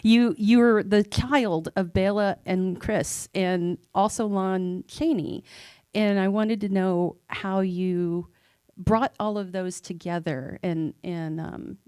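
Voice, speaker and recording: A woman's voice: mid-range voice, fairly even intonation, slow, a little mellow, clean tone, dry recording. A woman hosting a live Q&A, asking the guest eager, fan-like questions. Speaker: host and interviewer.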